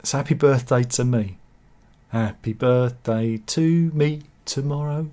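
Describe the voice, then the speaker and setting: A man's voice: mid-range voice, takes it slowly, warm tone. A man hosting a laid-back satirical news show, reading out viewer comments in casual chat. He rambles and jokes, with self-mocking asides.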